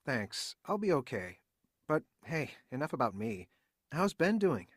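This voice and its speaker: A man's voice: medium pitch, big pitch swings, unhurried, husky, dry recording, studio quality. A man with an American accent voicing a man with a cold in a scripted textbook dialogue. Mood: polite. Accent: American English. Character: man with a cold, polite and chatty.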